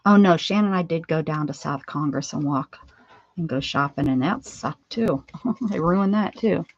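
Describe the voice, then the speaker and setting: A woman's voice: low-pitched, normal speed, highs cut off, a little hiss or hum. A woman hosting a crafting livestream, chatting and rambling casually with viewers as she works. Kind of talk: casual chat while crafting.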